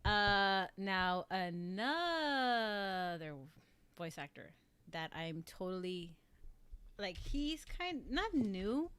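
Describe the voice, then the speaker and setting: A woman's voice: medium pitch, expressive, slow, fairly bright tone, smooth. A woman hosting a casual livestream, gushing about favorite voice actors in a rambling way, with lots of "like". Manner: gushing and rambling, heavy use of "like". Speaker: livestream host.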